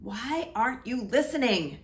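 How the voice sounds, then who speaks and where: A woman voicing an angry, bossy male king in a picture-book reading, shouting orders and blame. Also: a little high, expressive, a little slow, roomy sound, pitched above the performer's own voice. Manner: shouting commands.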